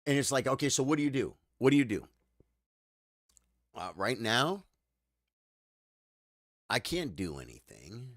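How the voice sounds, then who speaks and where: A man chatting live with his viewers, tired and choked up, halting and repeating words as he talks. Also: mid-range voice, big pitch swings, fairly bright tone, dry recording, studio quality. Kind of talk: casual live-stream chat.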